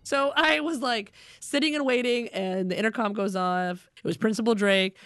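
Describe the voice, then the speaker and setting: Animated woman telling a comic story. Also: a little high, moderate pace, dry recording. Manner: animated, acts out other people's voices.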